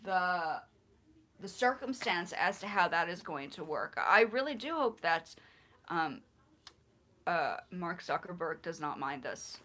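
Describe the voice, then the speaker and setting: A woman hosting a casual livestream, playful and quick to laugh, coaching someone on pronunciation. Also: lowish voice, big pitch swings, pushed and bright. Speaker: livestream host.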